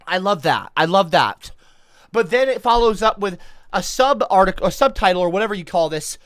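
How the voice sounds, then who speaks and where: An online comedian giving a sarcastic, satirical rant about an article, swinging between heated outbursts and forced calm. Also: medium pitch, moderate pace, dry recording.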